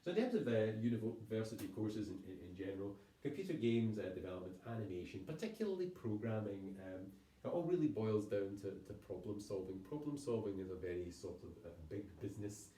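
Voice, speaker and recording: Low, mellow-voiced man lecturing. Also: animated, brisk, far from the mic. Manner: rambling, self-interrupting, wry asides. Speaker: university lecturer, program leader. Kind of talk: recorded lecture. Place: room by a town hall. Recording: echoey room, voice off-mic.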